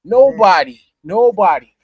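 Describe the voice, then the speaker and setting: A man with a fairly high voice talks in a relaxed, casual podcast chat. He hammers his points home, repeats himself and curses freely. The sound is dry and close to the mic. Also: unhurried, husky, no room sound. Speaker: podcast co-host.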